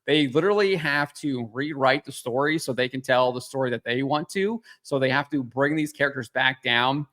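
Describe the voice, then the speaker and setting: Male commentary host, mid-pitched, casual and critical, dismissive delivery with fillers. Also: moderate pace, a bit bright.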